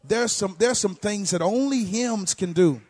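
A man speaking to a church congregation in a chatty, humorous way, full of quick asides. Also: high-pitched, darkish tone. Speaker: music minister.

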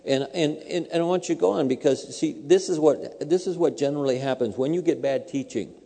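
Mellow-voiced man preaching in a hall. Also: fairly high pitch, a little fast, creaky. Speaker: married couple speaker. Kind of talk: sermon teaching.

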